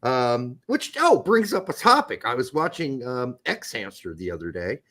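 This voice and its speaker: A man's voice: medium pitch, very animated, moderate pace, bright, forceful tone. A man hosting a podcast, trading crude, profane jokes and laughing often in casual banter. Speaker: podcast host.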